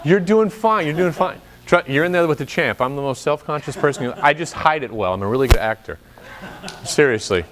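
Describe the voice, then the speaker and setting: A man's voice: fairly high pitch, lively intonation, fairly quick, fairly bright tone. A man coaching singers in an opera workshop rehearsal, chatty and joking, drifting into stories as he explains. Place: rehearsal room.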